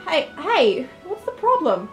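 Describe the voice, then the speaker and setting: A woman's voice: wildly swooping pitch, measured pace, faint music behind, heavily acted, rough recording. A woman voicing a caring, blunt young man with rabbit ears in a game, brash and teasing. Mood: alarmed. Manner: brash and teasing, raised pitch.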